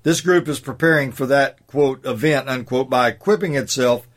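In a mid-range voice, a man works through his own written commentary, reading it aloud at a deliberate, measured pace and easing off the speed whenever he wants to emphasize a point.

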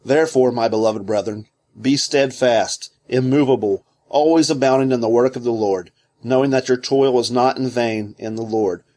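A man with a mid-range voice reads aloud from a theology book. His narration is scripted, measured and deliberate, giving each clause its weight. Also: medium pitch, dark tone.

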